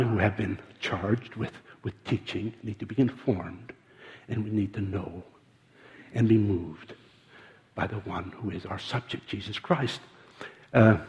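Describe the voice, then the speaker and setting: An older man preaching a sermon, earnest and halting, often repeating words as he tells stories. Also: lowish voice, mellow. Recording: dull sound in a large reverberant hall.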